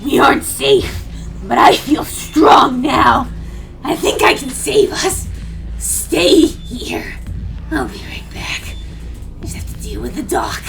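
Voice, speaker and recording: A woman voicing a young man turned monster in a strained, rough voice. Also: high-pitched, wildly swooping pitch, slow, fairly bright tone, faint music behind, pitched below the performer's own voice, heavily acted. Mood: determined.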